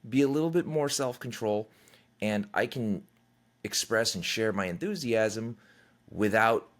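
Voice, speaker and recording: A middle-aged man with a fairly low voice hosts his own podcast, talking alone in a loose, candid way. He swears freely and acts out other people's lines as he goes. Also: animated, a little slow. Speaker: podcast host. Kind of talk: casual solo podcast monologue.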